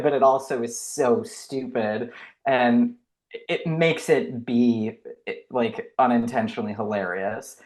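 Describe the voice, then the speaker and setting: A man, a guest actor chatting in a casual podcast interview, full of "like" and quick laughs. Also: medium pitch.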